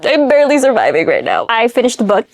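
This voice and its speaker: A high-voiced young woman talks straight into a close mic in a dry, deadened space. She gushes and laughs between thoughts as she reacts to what she reads, caught up in her feelings. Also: sing-song, brisk, no room sound. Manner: emotional, gushing, laughing between lines. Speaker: book vlogger. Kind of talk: casual reading vlog chat.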